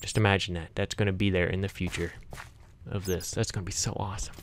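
A man's voice: low voice, level tone, fast talker, a little hiss or hum. A man hosting a gaming channel, chatting to viewers as he plays, easily startled, with yelps and laughs. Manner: talks directly to viewers. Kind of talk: casual gameplay commentary.

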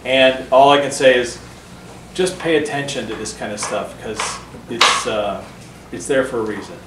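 A man's voice: mid-range voice, normal speed, very noisy. Earnest storytelling man in a roomy space. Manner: earnest, animated storytelling, acts out quoted voices. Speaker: author talking to a book club. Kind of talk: storytelling talk to a small audience. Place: book club meeting room. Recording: roomy, distant mic.

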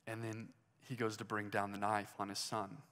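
A man's voice: on the low side, completely flat delivery, normal speed, fairly bright tone. A man preaching a sermon in a conversational way, asking his listeners questions as he goes. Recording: hall reverb.

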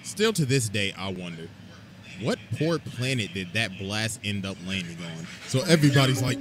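Animated man recapping anime with crude slang. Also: fairly low pitch, moderate pace. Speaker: anime commentary narrator. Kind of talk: casual comedic recap narration. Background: music.

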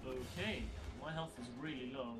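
A man's voice: mid-range voice, moderate pace. A young man giving casual, rambling gameplay commentary, sounding tired and swearing when things go wrong. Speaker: gaming YouTuber. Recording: game music loud behind the voice. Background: game music and sound effects.

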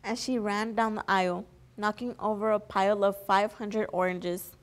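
A young woman reads a children's picture book aloud in an earnest, unpolished way, sometimes stumbling and restarting a word. Her voice sits at a middling pitch for a woman. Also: steady tone, moderate pace. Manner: earnest, with small slips and restarts. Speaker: volunteer story reader.

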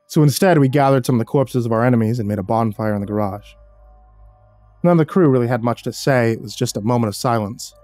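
A man narrating a horror story in a steady, low-key storytelling manner. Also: fast talker, no echo. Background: faint music.

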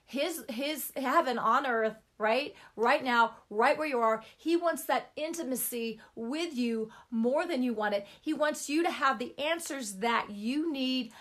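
A woman's voice: high voice, a little slow, few pauses, a bit bright. A middle-aged woman giving an informal Christian teaching talk, chatty and emphatic, repeating words for stress.

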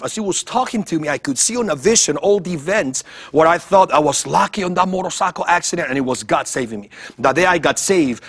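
A man giving a heartfelt, animated testimony as a guest in a TV interview, acting out other voices as he tells it. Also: fairly high pitch, husky. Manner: animated storytelling, acts out voices, repeats words. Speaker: guest evangelist.

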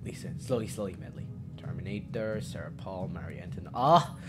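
A man commentating live on his own gameplay, swinging from loud cursing outbursts to low muttering as he plays. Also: steady tone, fairly quick. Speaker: game streamer. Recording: music playing behind the voice.

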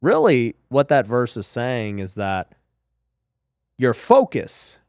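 A man's voice: mid-range voice, huge pitch swings, slow, no room sound, clean studio sound. Emphatic man hosting a podcast. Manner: emphatic, frequent "you know" and "right?". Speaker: podcast host. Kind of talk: casual faith and business talk.

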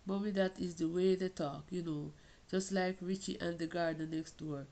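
Woman, storytelling read-aloud, low gravelly voice, mellow tone. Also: moderate pace, low-quality recording. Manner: reads a child's letter-style narration, expressive in questions. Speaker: reader of a short story.

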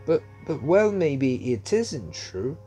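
A man's voice: on the high side, big pitch swings, takes it slowly, warm tone, faint music behind, pitched above the performer's own voice. A man voicing a young boy who is earnest and curious, asking eager questions in a raised voice.

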